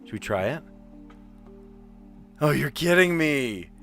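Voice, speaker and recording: Excitable man thinking out loud. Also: on the high side, slow, creaky, soft background music. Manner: thinks aloud, excitable, self-mocking. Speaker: word puzzle streamer. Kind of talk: casual live-stream chat.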